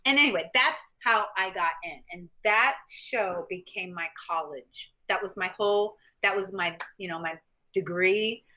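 A middle-aged woman from the US Midwest, a guest telling animated stories in an interview and acting out other people's lines. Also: mid-range voice, measured pace. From Missouri, US Midwest. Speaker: guest, former champion fighter and stuntwoman. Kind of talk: interview storytelling.

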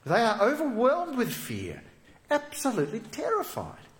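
A man preaching a sermon as a pastor, telling the story vividly and dropping to soft, hushed tones. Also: mid-range voice, sing-song, moderate pace, long pauses, echoey room.

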